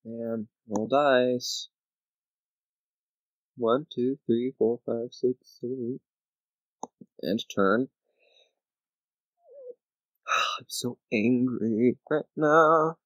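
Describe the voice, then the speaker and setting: A slow-talking man grumbles over a board game video game, giving casual gameplay commentary as he talks to himself and counts squares aloud with mock-angry complaints. His mid-range voice has a fairly bright tone, and the rough recording has no echo.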